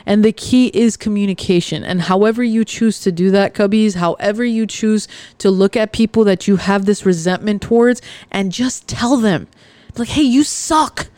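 A woman hosting her own podcast, talking earnestly and confessionally, with frequent pauses and fillers. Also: medium pitch, dark tone, dry recording. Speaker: podcast host. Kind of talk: candid personal podcast monologue.

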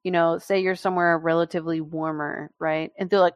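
A woman's voice: on the low side, fairly even intonation, brisk, no echo. A woman from Brazil co-hosting a podcast, reading listener entries with sarcastic, profane casual chat. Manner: sarcastic, mocking, swears casually. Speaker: podcast co-host.

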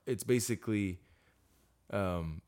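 A man co-hosting a podcast, chatting loosely with heavy swearing and animated bursts. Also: lowish voice, slow. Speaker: podcast co-host. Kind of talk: casual chat.

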